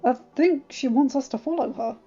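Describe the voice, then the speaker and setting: A woman voicing an easygoing young smith with a relaxed, wry manner. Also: high-pitched, normal speed, voice pushed up, natural voice. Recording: dull lo-fi with faint music.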